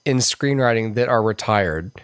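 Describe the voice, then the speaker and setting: A man's voice: lowish voice, lively intonation, normal speed, clear, resonant tone. A man co-hosting a podcast, joking around and often laughing while talking about movies. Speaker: podcast co-host. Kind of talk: casual movie review chat.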